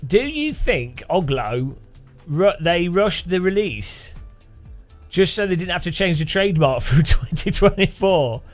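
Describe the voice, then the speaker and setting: A British man chatting through a live gaming stream, rambling and joking as he restarts his sentences. His pitch runs high and moves about a lot. Faint music sits behind him. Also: big pitch swings, a little slow. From Britain. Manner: rambling, jokey, restarts often. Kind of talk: casual live gaming chat.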